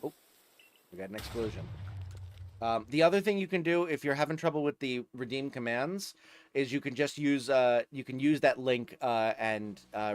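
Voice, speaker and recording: A man hosting a casual livestream, chatting with viewers, laughing often and stumbling over his words. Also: mid-range voice. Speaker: streamer.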